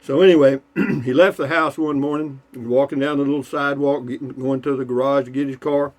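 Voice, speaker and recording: A man with a medium-pitched, slightly mellow voice and fairly even intonation talks a little fast as he tells jokes for his vlog. The delivery is loose, folksy, and rambling, packed with asides, with pauses to toast and drink some beer between jokes.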